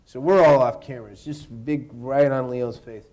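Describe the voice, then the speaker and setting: A man, an actor, telling a lively anecdote in an interview at a university event, laughing and mimicking the people in it. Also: medium pitch, moderate pace. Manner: animated, laughing storyteller who mimics others.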